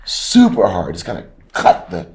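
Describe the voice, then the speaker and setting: A man, a music producer, talking animatedly in a relaxed interview and now and then breaking into bits of song. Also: low-pitched, moderate pace, slight background noise. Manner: animated, breaks into sung snatches. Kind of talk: casual interview chat.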